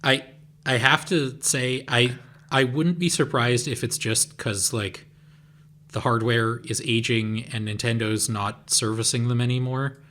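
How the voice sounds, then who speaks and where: A man's voice: medium pitch, steady tone, measured pace, a bit bright. A man co-hosting a podcast in casual chat, often restarting and filling with "like". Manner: hesitant, repeats words, fills with "like". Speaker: podcast co-host.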